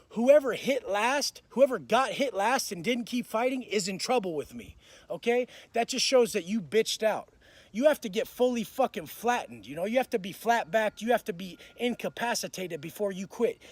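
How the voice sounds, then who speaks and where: Tough-talking man, high voice, dry close sound, swears constantly, raw storyteller. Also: no echo. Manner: blunt, profane, tough-talking. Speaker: motivational speaker. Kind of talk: profane storytelling monologue.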